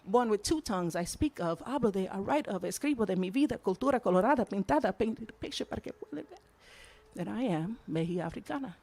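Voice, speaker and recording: A woman's voice: mid-range voice, animated, fast, warm tone. A woman performing spoken word poetry in a rhythmic delivery that switches between English and Spanish. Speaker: slam poet.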